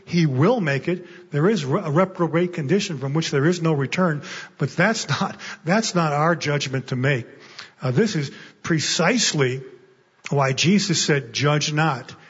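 A man's voice: on the high side, measured pace, husky. A man preaching a sermon as a guest speaker in a church, emphatic, often repeating a word as he starts a thought. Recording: muffled echoey church hall.

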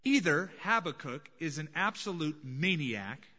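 A male pastor preaches with a bright, forceful voice pitched a little high, moving between hushed moments and emphatic declarations. The recording is dull and lo-fi, and a long reverb carries through the church sanctuary. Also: animated, measured pace, breathy edge. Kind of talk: sermon.

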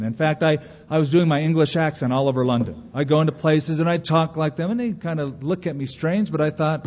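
Man, pastor's sermon, slightly high voice, earnest rhetorical questions, dull lo-fi sound. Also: brisk, few pauses, darkish tone. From California. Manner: earnest preaching with rhetorical questions and story asides. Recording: reverberant hall, dull lo-fi sound.

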